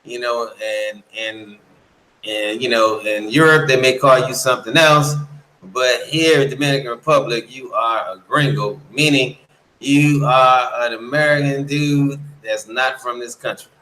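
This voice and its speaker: A man's voice: mid-range voice, a little slow, bright, forceful tone, roomy sound, low-quality recording. A man in casual chat as a guest, telling stories in a blunt, profane way. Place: lives in the Dominican Republic.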